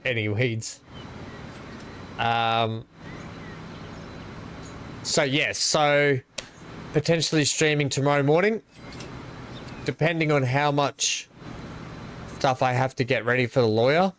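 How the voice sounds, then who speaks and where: A man's voice: mid-range voice, slow pace, long pauses, fairly bright tone, a little hiss or hum. An Australian man chatting casually to his live-stream viewers while playing, rambling and greeting them by name.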